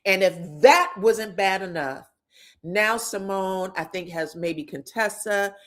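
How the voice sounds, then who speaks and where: Animated, profane woman gossiping about reality TV. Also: medium pitch, slow pace. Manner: animated, profane, gossipy, laughs at her own jokes. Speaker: reality TV commentator. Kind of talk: reality TV recap and commentary.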